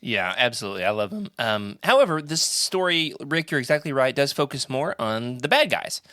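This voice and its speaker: Animated man hosting a podcast chat. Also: medium pitch, brisk, dry recording, clean studio sound. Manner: animated, playful, leads the discussion. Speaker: podcast host. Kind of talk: casual roundtable chat.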